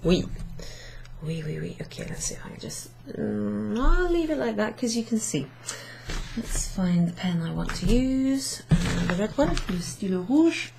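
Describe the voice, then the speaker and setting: A woman's voice: medium pitch, big pitch swings, unhurried, creaky, noisy background. A British woman teaching a beginners' French class, explaining step by step with patience. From Britain. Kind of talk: classroom lesson. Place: room in a pub.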